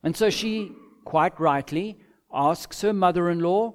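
A man preaching an expository sermon, measured, with emphatic pauses and acted-out quotes. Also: sits high. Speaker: pastor.

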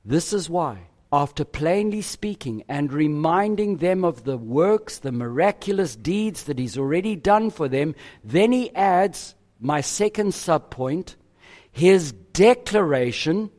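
A man preaching a sermon in an emphatic, deliberate way, pausing on each phrase. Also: fairly high pitch, animated, darkish tone. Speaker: pastor.

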